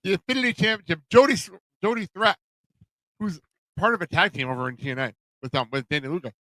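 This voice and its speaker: A man with a bright, ringing voice, pitched a little high, hosting a casual podcast. He rambles through match listings with lots of ums and fillers. The sound is dry and close. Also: fast, no echo, low-quality recording. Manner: rambling, reads match cards with frequent fillers. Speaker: podcast host and producer. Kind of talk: casual chat.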